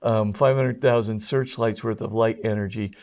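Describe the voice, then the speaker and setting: On an interview show, a man who is both a Jesuit priest and a scholar works through technical explanations, stumbling with frequent ums and uhs. His voice sits on the low side with a steady tone, against a noisy background.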